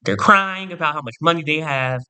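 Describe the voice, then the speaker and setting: A man's voice: fairly high pitch, brisk, pushed and bright, clean tone. A man ranting to camera in a storytime vlog, sassy, boastful and theatrical, repeating punchy catchphrases. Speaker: vlogger.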